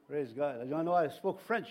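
A middle-aged man preaches in a church, pitched a little high for a man. He talks in a folksy, rambling way, full of restarts and fillers. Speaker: pastor. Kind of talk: sermon. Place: church sanctuary.

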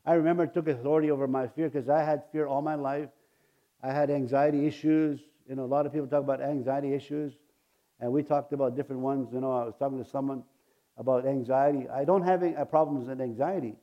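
In lo-fi sound, a sixties-aged male pastor talks fast at a medium pitch with fairly even intonation. His sermon leans on homey anecdotes and frequent chuckles, and he calls on the congregation to repeat his words back in a folksy call-and-response style.

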